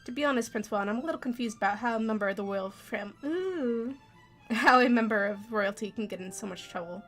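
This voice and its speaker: A woman's voice: fairly high pitch, a little fast, fairly bright tone, soft background music, natural voice. A woman voicing an inquisitive young male lawyer who asks pointed, level questions. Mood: inquiring.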